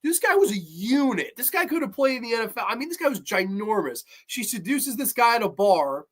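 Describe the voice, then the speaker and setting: A man casually reviewing a horror series episode, rambling and excitable, swearing freely as he recounts the plot. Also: extremely high pitch, brisk.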